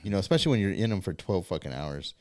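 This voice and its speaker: A man's voice: deep voice, very animated, very fast, a little mellow, no echo. A man co-hosting a podcast in casual chat, blunt and emphatic, swearing heavily. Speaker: podcast co-host.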